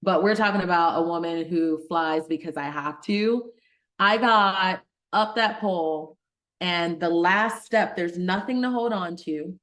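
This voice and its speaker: A middle-aged woman physician from Detroit telling a personal story in an interview, animated, acting out the voices of people she quotes. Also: on the low side, a little slow. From Detroit, Michigan. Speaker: guest, physician.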